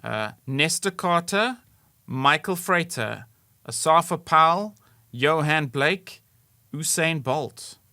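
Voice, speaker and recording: An easygoing man quizzes his co-host on a comedy trivia podcast and swears casually along the way. His voice is bright and forceful, at a middle pitch. The recording is close and dry. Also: animated, slow, dry recording. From South Africa.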